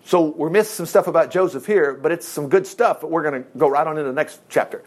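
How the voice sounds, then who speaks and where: A male preacher retelling a Bible story in a sermon, folksy and animated with joking asides. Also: fairly high pitch, fast.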